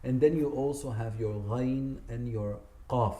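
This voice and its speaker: A man's voice: medium pitch, measured pace, mellow. A man teaching Quran recitation in a spoken lesson, patiently correcting common mistakes and drawing out the demonstrated words. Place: community centre room. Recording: echoey room.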